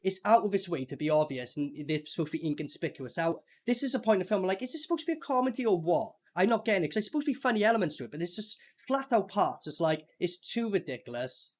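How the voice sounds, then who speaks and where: A man's voice: high voice, animated, fast talker, hardly any pauses, a little mellow. A young man hosting a film review chat, sweary and mocking, often talking over his co-host. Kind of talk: casual chat.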